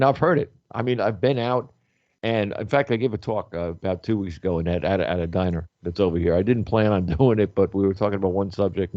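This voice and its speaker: A man talking loudly and animatedly on a radio show, telling stories and acting out what others said. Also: deep voice, no echo, dull audio. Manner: loud, animated storyteller who acts out quotes. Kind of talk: casual radio chat.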